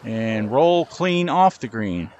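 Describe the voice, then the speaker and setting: Middle-aged man, gameplay host, chatty and self-mocking, mid-pitched, faint hiss behind. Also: very animated, takes it slowly, darkish tone, muffled recording. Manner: chatty, self-deprecating, talks to the ball. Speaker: gaming channel host. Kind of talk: casual gameplay commentary.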